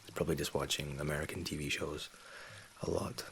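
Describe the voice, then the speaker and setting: Born in England and brought up in Scotland, this ASMR host in his thirties runs a soft-spoken Q&A from home on a USB condenser mic. He speaks low-key and fairly quickly with a level tone, frequently dropping to a whisper, and a little hiss or hum is audible.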